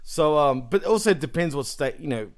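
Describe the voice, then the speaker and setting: Chatty Australian man, higher voice. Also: animated, fairly quick. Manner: laughs often, chatty and joking. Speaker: co-host. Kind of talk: casual chat.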